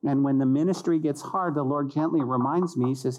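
A man, a pastor, preaching an animated sermon who acts out little voices and repeats key phrases for emphasis. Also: on the high side, brisk, rough recording. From United States.

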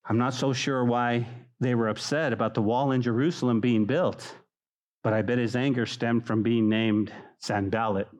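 A man preaching an evening Bible study as pastor, conversational and animated, often calling listeners "guys". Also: normal speed. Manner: animated, acts out mocking voices with high pitch. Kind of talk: sermon.

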